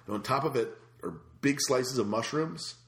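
A man hosting a casual talk show, telling stories in a lively way and raising his voice when he acts out what he said. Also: mid-range voice, normal speed. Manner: animated, raises voice when quoting himself. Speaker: show host answering viewer questions. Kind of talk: casual storytelling chat. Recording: echoey room.

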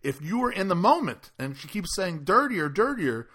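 A man hosting a podcast, telling a casual story in a rambling, halting way with lots of fillers. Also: high-pitched, animated, a bit bright, slightly rough. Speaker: podcast host.

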